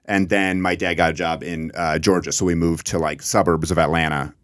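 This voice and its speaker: A low-pitched man in his thirties, from New Hampshire, guesting on a casual podcast. He rambles and restarts his sentences, poking fun at himself. His voice is recorded very dry and close. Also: steady tone, a little fast, a bit bright, dry recording. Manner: rambling, self-deprecating, frequent restarts. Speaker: comedian guest.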